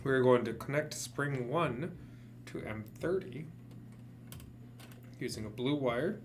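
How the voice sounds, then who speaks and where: Guy reading out circuit steps slow and joking around, faint hiss in the room. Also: mid-range voice. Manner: jokey, reads steps aloud deliberately. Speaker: hobbyist reading kit instructions. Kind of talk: casual chat, reading instructions aloud. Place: hackerspace workshop.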